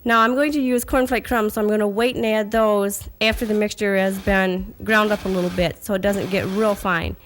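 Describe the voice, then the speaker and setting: A woman narrates a recipe in a TV studio kitchen, her delivery steady and instructive. Her voice sits at a middle pitch and she keeps a friendly, even tone throughout. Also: moderate pace, hardly any pauses, slight background noise. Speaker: cooking segment host.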